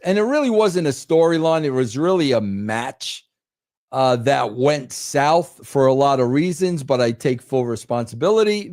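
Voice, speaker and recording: A man's voice: fairly high pitch, darkish tone. A middle-aged man hosting a wrestling show, ranting in a crude, exasperated way and repeating himself for emphasis. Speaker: host. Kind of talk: ranting commentary.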